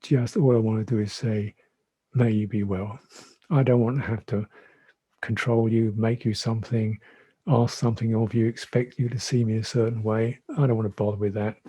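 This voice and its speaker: A man who is a Buddhist monk teacher giving a dhamma talk in a reflective, gentle way, often repeating his phrases. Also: on the low side, flat delivery, brisk, husky. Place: monastery meditation hall.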